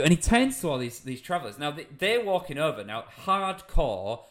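A young man tells a comic anecdote in loose podcast chat, with plenty of fillers and swearing. His pitch bounces widely and sits a little high. He sounds animated. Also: fairly quick. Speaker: podcast co-host, storyteller. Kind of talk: casual comedic storytelling.

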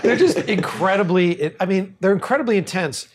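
A man telling a story on a podcast, his voice a bit high for a man and lively, swinging up and down in pitch. He talks casually and swears a lot, and laughs often. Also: moderate pace. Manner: animated, profane, laughs while telling stories. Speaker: podcast host.

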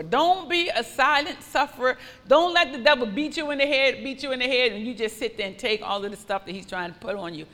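A woman preaching a sermon with fervent, repetitive declarations that rise into loud praise. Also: a little high, big-room sound.

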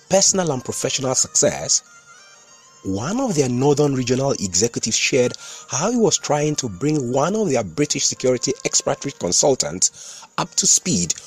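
Lively, husky podcast host. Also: male voice, lowish voice. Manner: instructive, storytelling. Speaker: podcast host and communication consultant. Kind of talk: scripted podcast narration.

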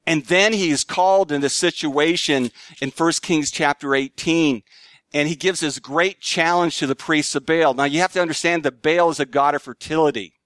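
A man preaching with earnest conviction, swinging from emphatic peaks to hushed, quiet lows. His voice sits fairly high for a man and comes through smooth and clear. The sound is close and dry, with no room echo. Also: fairly even intonation, moderate pace. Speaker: pastor. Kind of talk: sermon.

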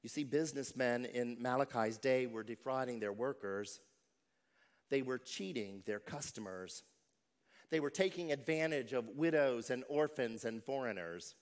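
A man's voice: medium pitch, normal speed. A man preaching a sermon as pastor, telling stories and acting out quoted voices.

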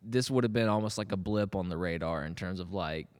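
Recorded with a long reverb tail, this podcast co-host in his thirties has a low, slightly mellow voice and talks fairly quickly. He chats casually and rambles, often cutting himself off, restarting and laughing.

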